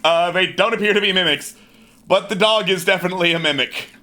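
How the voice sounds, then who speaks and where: A man's voice: high voice, quick pace, bright, forceful tone. A man narrating a tabletop game as game master, playful and often laughing.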